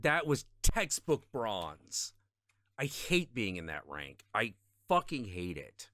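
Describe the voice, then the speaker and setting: Male streamer, frustrated and profane, unhurried delivery, dry close sound. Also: low-pitched, fairly bright tone, no echo. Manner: trails off into mutters and repetitions. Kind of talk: casual gaming stream chat.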